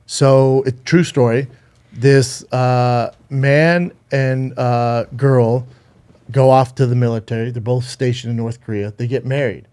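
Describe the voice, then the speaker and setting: Mellow man telling a story casually. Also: mid-range voice, steady tone, a little slow. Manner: rambling, profane, with frequent restarts. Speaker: podcast co-host.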